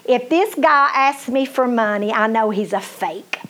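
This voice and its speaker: A woman's voice: fairly high pitch, expressive, measured pace, fairly bright tone. A middle-aged woman minister, preaching a folksy testimony sermon, emphatic and speaking straight to her listeners.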